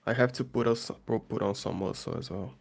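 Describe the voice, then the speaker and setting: Animated man who keeps saying bro. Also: mid-range voice, a little fast, vocal fry, soft background music. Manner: animated, repeats words, says bro a lot. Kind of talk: casual chat.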